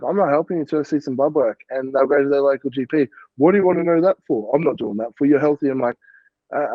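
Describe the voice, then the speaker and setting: A man's voice: medium pitch, dry recording, lo-fi sound. A man, a podcast guest and coach, chatting casually and rambling with lots of "like" and the odd swear word. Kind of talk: casual interview chat.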